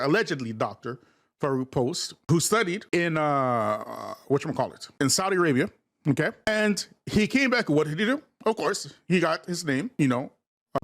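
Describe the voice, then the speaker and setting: Guy streaming, high voice, preachy and repeats himself, lots of ups and downs. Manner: preachy, repetitive, addresses viewers as family. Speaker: host. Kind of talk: livestream commentary.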